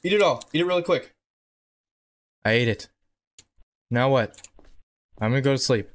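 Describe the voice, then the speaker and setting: A man giving excitable horror game playthrough commentary, talking back to the game and repeating himself. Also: medium pitch, normal speed. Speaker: gaming video creator. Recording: noticeable background noise.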